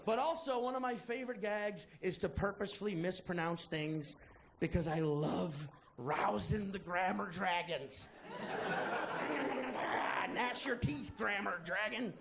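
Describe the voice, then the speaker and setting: A man doing stand-up, telling a profane story in a playful, animated way to a live audience. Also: sits high, slow pace, gravelly, background noise. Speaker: stand-up comedian. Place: comedy stage before a live audience. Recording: live crowd laughter.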